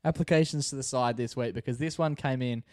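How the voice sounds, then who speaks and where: A man's voice: mid-range voice, brisk, dry recording, studio quality. A young Australian man co-hosting a casual podcast, rambling through stories and laughing mid-sentence. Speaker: podcast co-host. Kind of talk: casual chat.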